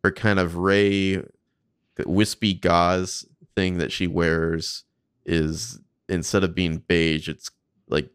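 A man's voice: deep voice, level tone, takes it slowly, smooth, no room sound, studio quality. A man casually commenting on behind-the-scenes footage, swearing freely and thinking aloud.

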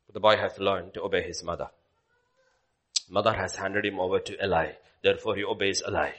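A man preaching a sermon, swinging from loud declaiming to hushed whispers. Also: deep voice, fairly even intonation, fairly quick.

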